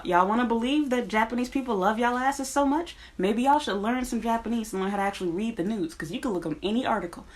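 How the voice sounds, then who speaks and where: A woman talking casually to her viewers, blunt and profane, speaking as a teacher. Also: mid-range voice. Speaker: teacher in Japan. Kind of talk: casual vlog rant.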